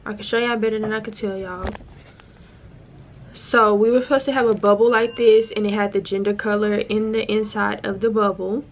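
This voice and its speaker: A woman's voice: mid-range voice, flat delivery, normal speed, muffled recording. A woman, venting to camera in a casual vlog, upset and fighting back tears. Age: 20s. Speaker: vlogger.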